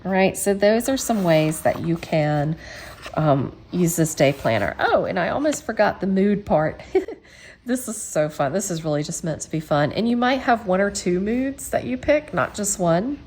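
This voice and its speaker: A woman's voice: lowish voice, expressive, normal speed, darkish tone. A woman hosting a casual craft tutorial, chatty and encouraging, with frequent ums. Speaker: quilting channel host.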